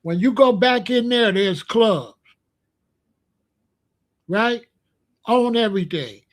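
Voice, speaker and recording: Man, high voice, blunt repetitive livestream talk, middle-aged. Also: lively intonation, takes it slowly. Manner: blunt, repetitive, asks the chat questions. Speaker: livestream host. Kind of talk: casual livestream monologue.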